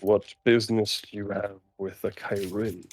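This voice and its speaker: A man voicing an aloof old male wizard who speaks slowly and cryptically. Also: fairly low pitch, level tone, a little hiss or hum, natural voice. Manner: slow, measured, cryptic.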